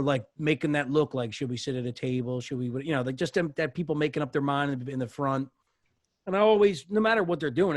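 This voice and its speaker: A man, a bartender telling stories on a podcast, animated and cursing freely. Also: a little high, no room sound, studio quality. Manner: animated storyteller, swears often. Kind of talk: casual podcast chat. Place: podcast studio.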